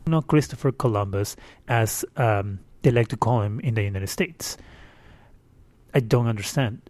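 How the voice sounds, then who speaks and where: A man's voice: medium pitch, a little mellow, no echo. A man hosting his own casual solo podcast, chatty and exasperated, rambling with fillers, recorded on a distorted home microphone. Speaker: podcast host. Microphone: windscreened microphone.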